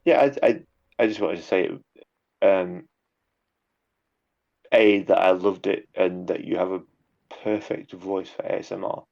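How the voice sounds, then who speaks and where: A man's voice: low voice, level tone, a little slow, gravelly, pauses often, darkish tone, dull audio. A man chatting casually in an interview, rambling a little with repeated words and fillers. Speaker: guest, YouTube narrator.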